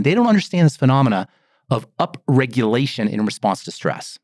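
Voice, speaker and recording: A middle-aged man talks in a very lively, swooping voice, full of rhetorical questions and acted-out exclamations. He is explaining skin care as a pharmacist and formulator. The sound is dry and close, with no room around it. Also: medium pitch, fairly quick, dry recording. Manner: animated, rhetorical, acts out exclamations. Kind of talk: explanatory podcast talk.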